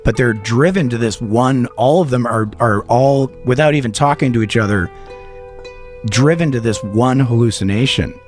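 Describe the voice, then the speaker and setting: A man co-hosting a comedy podcast, telling a story in a rambling, animated way and swearing a lot. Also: medium pitch, moderate pace, soft background music. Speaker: podcast co-host.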